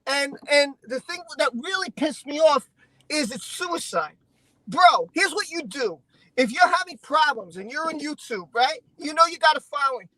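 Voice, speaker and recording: A man's voice: extremely high pitch, animated, moderate pace, bright, forceful tone, no echo, poor audio. A man talking as a stream guest in a car, heated and emotional, repeating himself as he vents. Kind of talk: casual chat.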